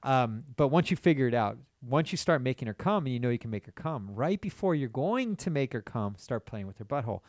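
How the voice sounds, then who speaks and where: A man's voice: mid-range voice, animated, brisk, hardly any pauses, darkish tone, dry recording, studio quality. A man hosting a casual, explicit chat, talking bluntly and crudely like a coach. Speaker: podcast host.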